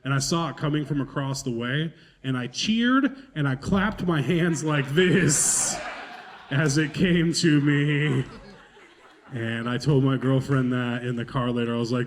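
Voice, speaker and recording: A man's voice: medium pitch, a little slow. A male stand-up comedian telling stories in a loose, profane, self-mocking way, laughing through his lines.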